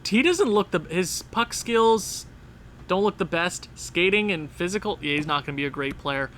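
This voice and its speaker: A man giving casual, excitable gameplay commentary, talking straight to the game as he plays. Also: high-pitched, normal speed, slight background noise. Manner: excitable, talks to the game and players. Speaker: gaming channel host.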